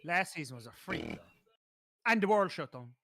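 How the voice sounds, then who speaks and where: Excitable man, football watch-along co-host, high voice, dry close sound, swears freely. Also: normal speed, creaky, dry recording. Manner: excitable, swears, colourful comparisons. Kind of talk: casual football chat.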